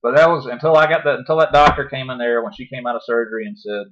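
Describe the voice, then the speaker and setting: A man telling a long story in casual podcast talk, profane and animated, acting out his own past words. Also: medium pitch, fast talker, background noise. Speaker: podcast guest. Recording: dull lo-fi podcast audio.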